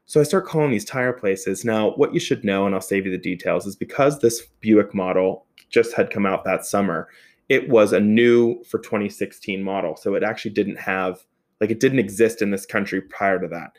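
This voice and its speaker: A man telling a personal story in a casual, animated way, swearing often and laughing as he goes. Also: fairly low pitch, normal speed.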